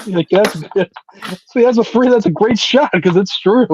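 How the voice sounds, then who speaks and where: A man's voice: sits high, moderate pace, a little mellow, lo-fi sound, slight background noise. A man co-hosting a wrestling podcast, joking at his own expense in casual banter. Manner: self-mocking, laughing banter. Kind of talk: casual chat.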